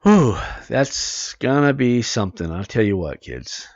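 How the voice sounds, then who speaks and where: A male podcast host with a tiring voice reads an article aloud in halting phrases, then signs off casually. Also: mid-range voice, sing-song, a little mellow, dry recording, lo-fi sound. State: voice getting worn out.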